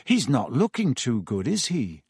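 A man's voice: mid-range voice, wildly swooping pitch, a little slow, a little mellow, husky, no echo, clean studio sound, full character voice. A man reading aloud voices an earnest teenage boy who speaks plainly and asks questions. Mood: puzzled.

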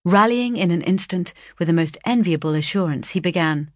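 A woman narrating a classic novel in a measured, expressive audiobook reading. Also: lowish voice, no echo, clean studio sound.

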